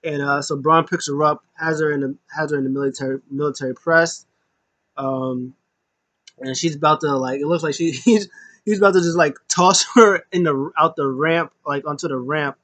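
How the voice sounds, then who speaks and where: Man, casual wrestling recap, rambling, lots of fillers, somewhat high voice, dry close sound. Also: moderate pace, dry recording. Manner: rambling, filler-heavy, animated.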